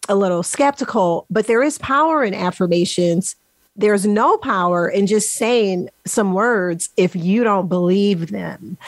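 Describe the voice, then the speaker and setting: A woman's voice: medium pitch, no room sound. A woman hosting a podcast interview, emphatically recapping points for her listeners and addressing them directly. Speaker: podcast host.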